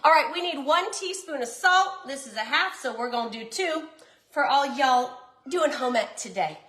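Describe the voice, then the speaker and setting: A Southern-accented woman cooking vlogger chats casually with her viewers while she cooks in her home kitchen, bubbly and talkative throughout. Her voice sits high and expressive, a bit bright, at a moderate pace, and the sound is roomy.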